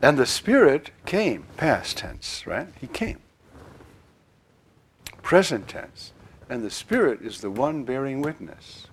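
An older man giving a sermon as a priest, in an animated, conversational way with frequent restarts and a gravelly, husky voice. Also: mid-range voice, takes it slowly, pauses often.

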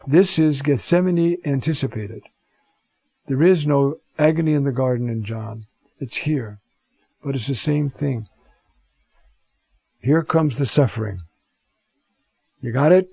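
A man teaching a Scripture talk in an unhurried, reflective way, pausing often as he looks up verses. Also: mid-range voice, gravelly, warm tone, slightly rough, no room sound, highs cut off. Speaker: Bible teacher.

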